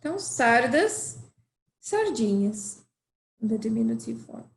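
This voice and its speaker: Slow, patient woman language teacher. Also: fairly high pitch, very animated, reverberant, poor audio. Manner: slow, repeats phrases for learners. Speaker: Portuguese teacher.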